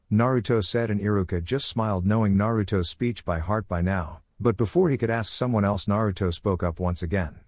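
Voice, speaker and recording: A man reading a fan fiction story aloud in an even, steady way. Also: on the low side, brisk, hardly any pauses, no echo. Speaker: story narrator. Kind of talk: scripted narration of fan fiction.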